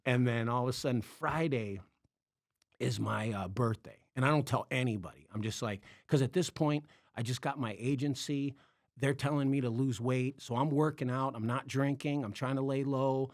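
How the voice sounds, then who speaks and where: A man hosting a podcast, telling a long story in a casual, animated way, acting out quotes and laughing often. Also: medium pitch, moderate pace, dry recording, clean studio sound. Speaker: podcast host, comedian.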